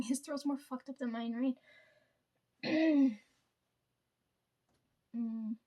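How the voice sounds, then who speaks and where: A woman's voice: high voice, slow pace, long pauses, darkish tone. A young woman with a sore throat, telling a story in a casual vlog at home, swearing freely and laughing often. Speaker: vlogger. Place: at home, sitting before camera.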